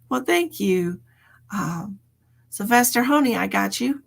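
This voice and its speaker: Woman, live-stream medium; husky, gravelly voice; chatty and affectionate with viewers. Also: a little high, lively intonation, slow pace, long pauses. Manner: chatty, calls people endearments. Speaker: psychic medium. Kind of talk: live-streamed psychic reading.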